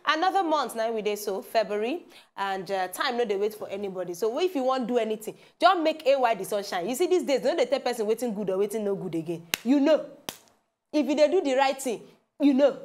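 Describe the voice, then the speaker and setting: Co-hosting a TV talk show, a woman with a Nigerian Pidgin English accent presents news stories in a teasing, chatty way. Her voice is fairly high, expressive and a little fast.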